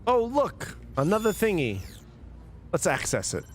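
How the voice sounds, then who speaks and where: A man's voice: high voice, wildly swooping pitch, unhurried, background noise. A drunk man streaming a story game, rambling, swearing and chatting with his viewers. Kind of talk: casual let's-play commentary.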